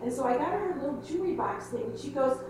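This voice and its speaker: An older woman, the pastor's wife, telling a family story in an animated way. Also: sits high, quick pace, slight background noise. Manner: animated storytelling, laughing through it. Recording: echoey room, distant mic.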